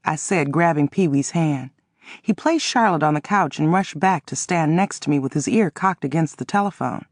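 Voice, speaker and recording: A woman narrating a first-person audiobook in an expressive, dramatic reading. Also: low-pitched, normal speed, no echo, studio quality.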